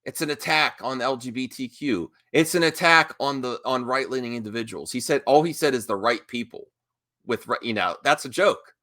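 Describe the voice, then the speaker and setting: A man's voice: medium pitch, brisk, sharp tone. A man doing heated reaction commentary, talking back at a video clip in a combative, mocking way.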